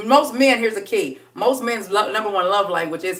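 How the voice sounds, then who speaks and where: A woman coaching on dating in a casual live stream, chatty and sassy, laughing often and dipping into a low voice for effect. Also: normal speed, a bit bright, far from the mic.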